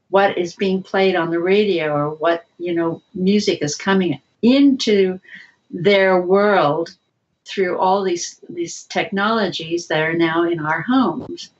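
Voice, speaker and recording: A woman guest researcher explaining things in a measured, patient way during an interview. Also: lowish voice, muffled recording.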